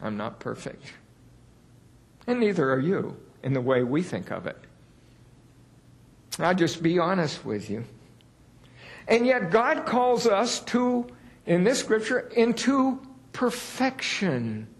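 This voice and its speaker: A man's voice: high-pitched, very animated, slow pace, long pauses. A man preaching a sermon in a folksy, candid way, poking fun at himself and raising his voice to stress key words. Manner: folksy, candid and self-deprecating; builds to raised emphasis on key words.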